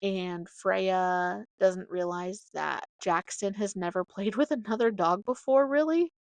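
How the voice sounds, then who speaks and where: A woman's voice: medium pitch, measured pace, dry recording. A woman in her thirties hosting a podcast, rambling and chatting casually from home. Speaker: podcast host. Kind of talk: casual solo chat.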